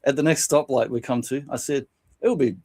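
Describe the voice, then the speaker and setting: A man co-hosting a casual podcast, reading and retelling funny anecdotes from a book, laughing often and doing quick voices for quotes. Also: medium pitch, gravelly. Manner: laughs often while telling stories, animated voices for quotes. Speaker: podcast co-host.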